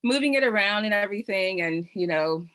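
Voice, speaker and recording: A woman's voice: mid-range voice, animated, fairly quick, fairly bright tone, dry recording. A middle-aged woman hosting a virtual panel, telling her own story in an earnest, heartfelt way full of "you know" fillers, over a video call microphone. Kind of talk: personal testimony on a virtual panel.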